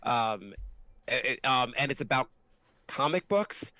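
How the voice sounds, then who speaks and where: A man of middle pitch co-hosting a comedy podcast, rambling through his points with hesitant ums. His voice sits close and dry on the mic. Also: animated, slow, bright, forceful tone, dry recording. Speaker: co-host. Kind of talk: casual comedy podcast chat.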